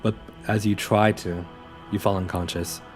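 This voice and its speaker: A man's voice: lowish voice, level tone, moderate pace, over music. A young man running a tabletop game as game master, narrating loosely with many fillers and restarts.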